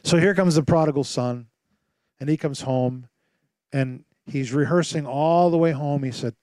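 A man preaching a sermon as pastor, telling stories with lively acted-out voices and asking rhetorical questions. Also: on the high side, normal speed, dry recording. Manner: animated storytelling with rhetorical questions; acts out voices and sounds in his stories.

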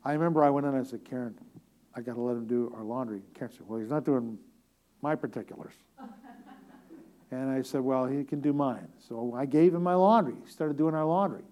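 A middle-aged man preaching a sermon as a pastor, telling stories with humor and swinging from loud, emphatic declarations to hushed near-whispers. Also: medium pitch, fairly quick. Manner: storytelling with humor.

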